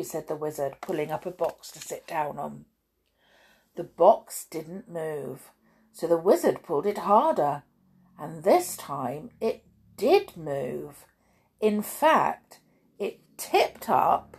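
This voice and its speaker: A woman reading a children's storybook aloud with expressive, swooping emphasis. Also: low voice, slow, husky.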